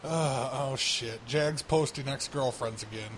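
Host for a crude prank-call talk show: a man who laughs a lot and acts out voices in his stories, heard over steady background noise. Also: medium pitch, a little slow. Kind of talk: crude casual banter.

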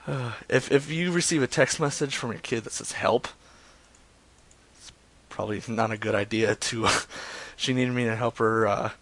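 Male prank-call streamer, casual live chat, excitable, swears freely, laughs a lot. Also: mid-range voice, measured pace, long pauses, a little hiss or hum. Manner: excitable, profane, laughs often.

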